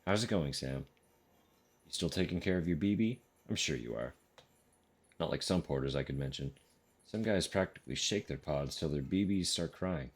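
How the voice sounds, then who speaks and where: A man reading out an earnest, confiding message from a veteran delivery porter in a game. He keeps his own very deep voice. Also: expressive, normal speed, breathy edge, exaggerated voice.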